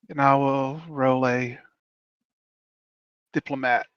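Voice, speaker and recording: A man's voice: on the high side, normal speed, a bit bright, no echo. A man playing in a tabletop game, speaking politely and diplomatically. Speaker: player. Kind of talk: casual tabletop play.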